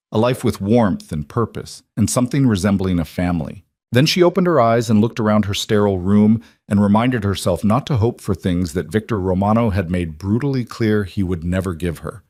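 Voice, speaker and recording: A man giving measured, scripted audiobook narration of a romance story. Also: on the low side, a little mellow, no room sound, clean studio sound.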